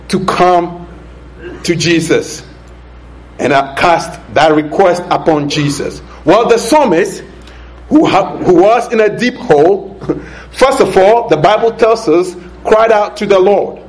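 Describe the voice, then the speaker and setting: A man preaching a sermon, slow and deliberate, drawing out key words for emphasis and chuckling now and then. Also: sits high, a little hiss or hum, poor audio.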